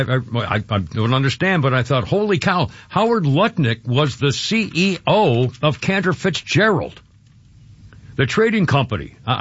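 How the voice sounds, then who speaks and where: A man's voice: fairly high pitch, fairly bright tone, no room sound, dull audio. Rambling emotional radio host, man. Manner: emotional, rambling with many restarts. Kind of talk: casual talk radio.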